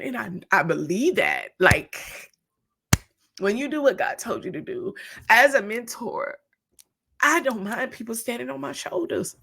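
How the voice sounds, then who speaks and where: A woman's voice: mid-range voice, animated, moderate pace, gravelly, background noise. A middle-aged woman pastor hosting an unscripted podcast, talking with emotion, close to tears, and dropping into whispers at times. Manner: emotional, preacherly, breaks into whispers. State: tearful. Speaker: pastor and mentor, podcast host.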